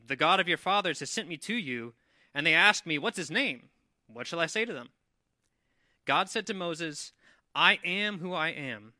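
A man preaching a sermon in a church, conversational and animated when retelling scenes. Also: a little high, no echo, studio quality. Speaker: pastor.

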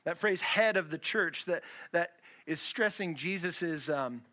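A man's voice: on the high side, unhurried, bright, forceful tone. A man pastor preaching a sermon in a church, conversational and full of rhetorical questions.

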